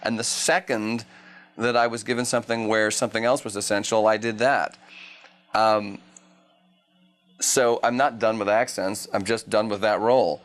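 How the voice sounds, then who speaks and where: Wry low-voiced man in his thirties. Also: steady tone, normal speed, fairly bright tone. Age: 30s. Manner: wry, rambling, stumbles and restarts. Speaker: actor interviewed at a press junket. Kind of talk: casual interview answers.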